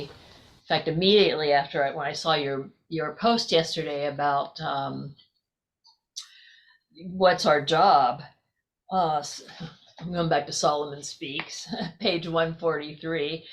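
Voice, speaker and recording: Slow, lowish-voiced reflective woman. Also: a bit bright, slight background noise. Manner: hesitant and reflective, many fillers. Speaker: discussion participant. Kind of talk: casual group video chat.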